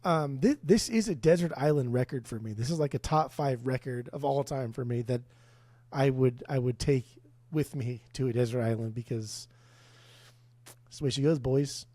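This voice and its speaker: A man co-hosting a casual music podcast, loud, profane and rambling with enthusiasm, a few beers in. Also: mid-range voice, moderate pace, no echo. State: tipsy from beers. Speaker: podcast co-host.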